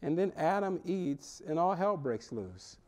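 Man, pastor, high-pitched voice, lively sermon delivery that jumps between loud highs and quiet lows, chapel setting. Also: measured pace. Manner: animated preaching, swings from loud and high to low and quiet. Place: seminary chapel.

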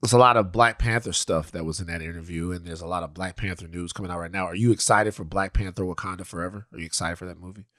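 A man's voice: low voice, fairly even intonation, bright, forceful tone, no room sound. Rambling man with a dry close voice. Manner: rambling, halting with restarts. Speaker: podcast co-host. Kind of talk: casual chat.

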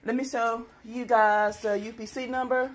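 Chatty woman vlogger, slightly high voice, excitable and talking straight to her viewers. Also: moderate pace, slight background noise. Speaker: couponing vlogger. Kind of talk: casual deal-hunting vlog.

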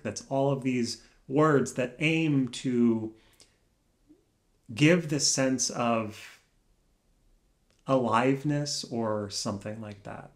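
A man musing aloud alone in a room, soft-spoken and searching, speaking in halting phrases that trail off into pauses. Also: mid-range voice. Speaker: vlogger. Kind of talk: slow reflective musing.

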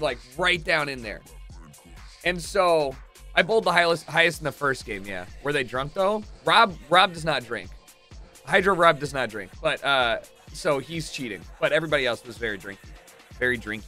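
A young man streaming, telling a story casually to his chat, swearing freely and acting out the moments, rising to shouts. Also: a little high.

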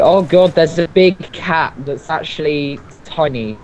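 A young man co-hosting a let's play, excitable and quick to swear. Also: fairly high pitch. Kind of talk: casual gaming chat. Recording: slightly dull lo-fi mic with faint noise.

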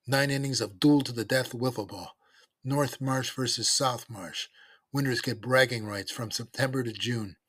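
Guy reading as a smug scheming teen bully, bossy, bit husky. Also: medium pitch, moderate pace, a bit bright, no room sound. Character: scheming teenage boy bully, cocky and menacing.

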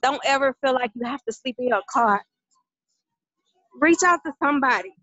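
A woman's voice: high voice, animated, normal speed, fairly bright tone, no room sound. A woman on a team conference call, speaking emphatically and urging others on. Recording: dry, slightly muffled call audio.

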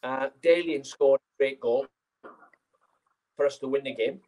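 A man telling an anecdote as a guest speaker, lively and acting out the scenes as he goes. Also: medium pitch, a little slow, rough recording. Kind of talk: anecdotal storytelling.

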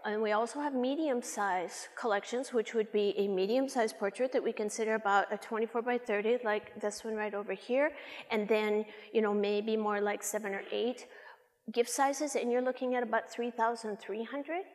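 A woman's voice: mid-range voice, steady tone, normal speed, darkish tone. A woman teaching photographers about sales, telling anecdotes and acting out her clients' voices. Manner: storytelling, acts out clients' voices, laughs often. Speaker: photography business educator. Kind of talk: conference talk with acted anecdotes. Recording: long hall reverb.

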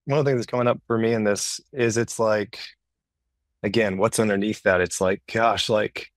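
A man's voice: fairly low pitch, steady tone, normal speed, no room sound. A man hosting a casual podcast conversation who thinks aloud and searches for his words, often saying "it's like". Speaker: podcast host.

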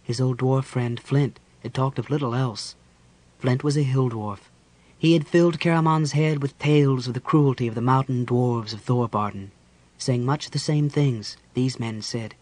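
A man reading a fantasy audiobook aloud in a measured storytelling manner. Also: medium pitch, a little mellow. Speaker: audiobook narrator. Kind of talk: scripted fantasy narration.

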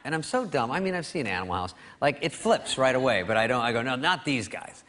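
Bright-voiced man telling a comic story. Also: mid-range voice, fast talker, slight background noise. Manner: deadpan storyteller acting out quoted voices. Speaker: talk show guest. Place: studio with audience.

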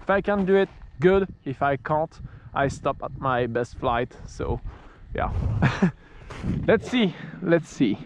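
Background noise surrounds a man with a French accent who narrates his RC glider flight on a snowy, freezing field. His voice sits on the high side and sounds animated, but he takes it slowly, laughing often and restarting sentences in this casual vlog commentary.

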